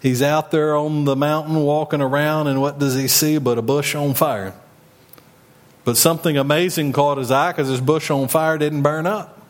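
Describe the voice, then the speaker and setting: Conversational preacher, fairly high male voice. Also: fairly even intonation, normal speed. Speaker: pastor. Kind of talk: sermon.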